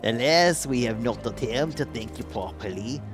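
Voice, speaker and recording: A man's voice: medium pitch, animated, a little slow, over music, natural voice. Man putting on a grating pompous noble. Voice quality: grating bad put-on accent. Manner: pompous, stumbling over words. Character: pompous noble male commander, grandiose. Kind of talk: reading game dialogue aloud.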